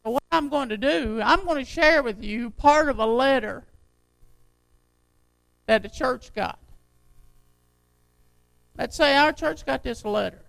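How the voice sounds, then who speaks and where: An older man preaching a sermon to his church in a folksy, conversational way, his voice unsteady and jumping in pitch. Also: unhurried, vocal fry, long pauses, a bit bright, dry recording, low-quality recording. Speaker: pastor.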